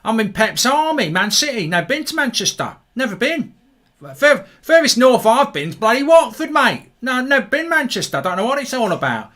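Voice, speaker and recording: A man's voice: very high-pitched, very animated, moderate pace, a bit bright, voice pushed up, heavily acted. A man putting on a boastful cockney wide-boy football fan with an exaggerated Cockney accent, rambling and tripping over his words. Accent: put-on Cockney.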